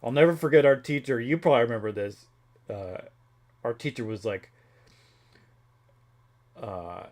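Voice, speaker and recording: A man's voice: mid-range voice, expressive, moderate pace, long pauses, a little mellow. A young man chatting casually on a live stream, rambling with many fillers and restarts and laughing often. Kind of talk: casual chat.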